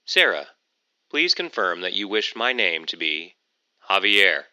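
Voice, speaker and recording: A man's voice: low voice, sing-song, measured pace, pushed and bright, dull audio, heavily acted. A man voicing a male AI phone companion who speaks politely and formally.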